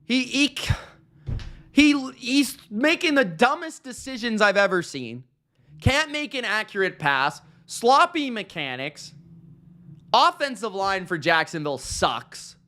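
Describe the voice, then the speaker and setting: A man hosting his own podcast, ranting about the week's games with sarcasm and slang. He talks slowly and drags his words out, but his voice has a bright, forceful edge. He sounds fed up and mocking throughout. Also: high-pitched, sing-song. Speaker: podcast host. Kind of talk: ranting sports commentary.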